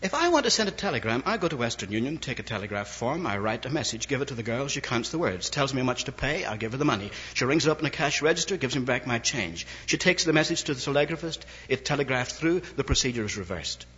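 Few pauses break this man's fast, lively delivery; his medium-pitched voice is pushed, bright and slightly rough. Preaching to a reverberant hall in an old lo-fi recording, he recounts stories and acts out others' dialogue.

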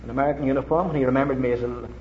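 Middle-aged male preacher from Ireland, lively storytelling sermon, muffled old recording. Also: racing, a little hiss or hum. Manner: animated storytelling with dramatic pitch leaps.

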